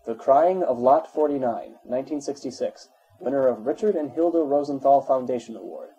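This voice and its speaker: A man reading an encyclopedia article aloud in a measured, even way. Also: medium pitch, slightly rough, rough recording. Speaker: narrator.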